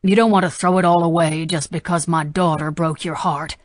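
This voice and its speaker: Woman voicing a calm Southern senator. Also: lowish voice, a little slow, no echo, clean studio sound, natural voice. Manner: steady, persuasive negotiator's tone. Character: middle-aged male senator, calm and controlled.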